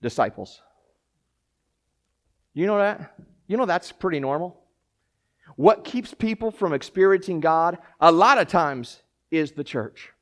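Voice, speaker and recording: A man preaching with a high voice that jumps from quiet, hushed asides to near-shouted cries. He acts out the lines he quotes and often repeats and restarts his phrases, delivering a lively, animated sermon. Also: unhurried, long pauses. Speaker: pastor.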